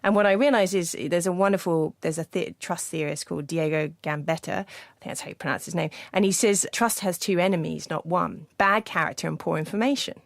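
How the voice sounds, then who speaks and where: Female author guest, low register, dry studio mic, earnest and anecdotal. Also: gravelly, no echo. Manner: earnest storytelling, quick restarts. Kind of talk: studio interview conversation. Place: podcast studio.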